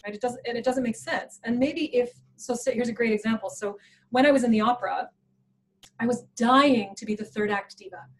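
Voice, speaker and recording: A woman presenting a professional development workshop in an animated, playful way, laughing often. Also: fairly high pitch, a little fast, low-quality recording. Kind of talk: workshop talk.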